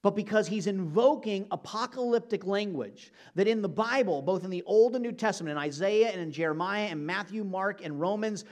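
A man's voice: high voice, a little fast, few pauses, a little mellow. A man preaching a sermon, speaking earnestly and directly to his congregation. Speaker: pastor.

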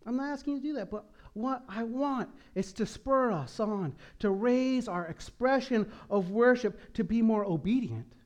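A male pastor preaching a sermon in a church, moving from hushed prayer to loud, emphatic exhortation. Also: very high voice. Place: church sanctuary.

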